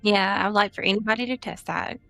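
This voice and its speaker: A woman's voice: mid-range voice, fairly even intonation, brisk, creaky, no room sound, faint music behind. A woman hosting an interview, affirming her guest and closing the episode. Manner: warm, affirming, emotional at times. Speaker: podcast host. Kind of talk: interview conversation and sign-off.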